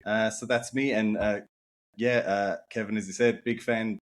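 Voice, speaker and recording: A man's voice: on the low side, fairly even intonation, moderate pace. A man in his forties with an Irish accent, a guest author chatting casually and rambling with fillers in a podcast interview. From Ireland.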